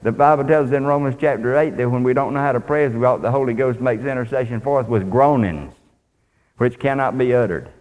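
A man's voice: medium pitch, a little fast, darkish tone. A man preaching a sermon in a folksy, plainspoken way, reading scripture aloud. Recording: long hall reverb.

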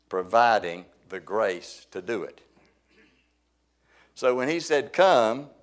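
A man preaching a sermon in a folksy, conversational way, with loud emphasis and quiet asides. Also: medium pitch.

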